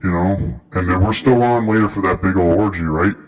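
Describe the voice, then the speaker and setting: Deep goofy host guy playing judge, rambly, dull audio. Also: fairly quick. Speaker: comedy show host, mock judge. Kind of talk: improvised comedy stream.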